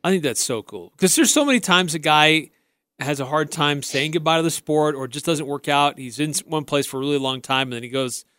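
Chatty sports radio host, smooth voice. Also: male voice, fairly high pitch, brisk, bright, forceful tone, no echo. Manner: friendly, chatty, restarts his sentences. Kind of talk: casual sports talk radio. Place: radio studio.

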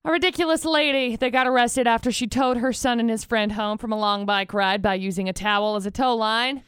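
A woman co-hosting radio with a smooth, high, resonant voice. She reads silly news stories with dry wit and deadpan asides. Her studio mic sounds close and dry. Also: fairly quick, dry recording. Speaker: radio co-host. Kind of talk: casual radio banter and headline reading. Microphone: studio microphone.

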